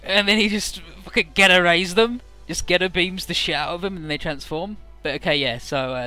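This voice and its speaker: A man's voice: sits high, fairly quick, few pauses, pushed and bright, faint music behind. A man giving casual, rambling, profane commentary while playing a video game. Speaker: let's player.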